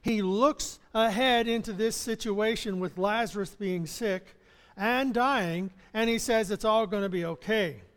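High-voiced male preacher in reverberant hall. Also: unhurried, a bit bright. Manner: conversational preaching with chuckles and restarts. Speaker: pastor. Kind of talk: sermon.

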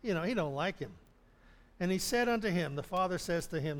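A man's voice: high voice, expressive, normal speed, pauses often. A man preaching a sermon, retelling a parable and acting out the characters' complaints with frequent chuckles. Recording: long hall reverb.

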